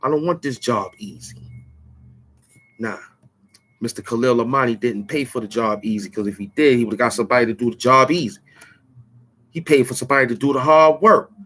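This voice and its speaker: A man's voice: mid-range voice, brisk, pauses often, a bit bright. A man hosting his own channel, taunting and boasting in a rambling trash-talk rant. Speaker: channel host. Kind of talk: trash-talking rant at the camera.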